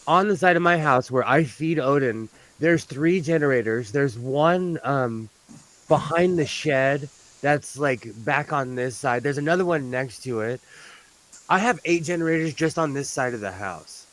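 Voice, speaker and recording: A man's voice: medium pitch, a little slow, fairly bright tone, poor audio. A man from California chatting casually on a live stream, rambling through stories and laughing often. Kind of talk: casual chat.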